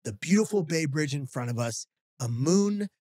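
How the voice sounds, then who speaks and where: A man's voice: on the high side, moderate pace, dry recording, studio quality. A man, a podcast guest telling a funny story with acted-out quotes. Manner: animated storyteller, acting out quotes.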